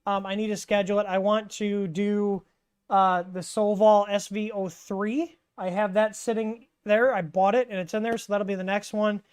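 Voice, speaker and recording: Relaxed rambling woman hosting a livestream. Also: medium pitch, normal speed, smooth. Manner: rambling, relaxed, many fillers and restarts. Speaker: livestream host answering 3D printer questions. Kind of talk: casual live Q&A chat.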